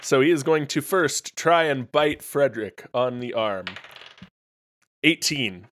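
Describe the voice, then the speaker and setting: A man's voice: medium pitch, animated, a bit bright, a little hiss or hum. A man runs a tabletop game as its game master. He talks casually and often trips over a word before he settles on it. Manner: halting, casual, self-correcting.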